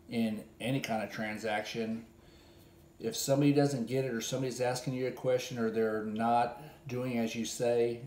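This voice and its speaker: A man in an echoey room delivering a sarcastic, scolding critique monologue in a mid-pitched voice. He talks in a casual, conversational way and now and then bursts into loud mimicry.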